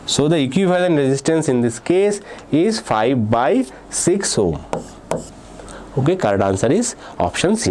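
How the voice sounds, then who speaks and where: A man's voice: on the high side, darkish tone. A man teaching physics for an entrance exam. He works through problems step by step and keeps checking in with "okay" and "right?". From India. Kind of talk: exam-prep lecture.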